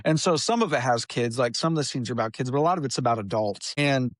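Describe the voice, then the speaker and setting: A man's voice: medium pitch, animated, quick pace, no echo, studio quality. A man from Indiana co-hosting a podcast in casual chat, rambling and trailing off into restarts as he talks. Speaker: podcast co-host.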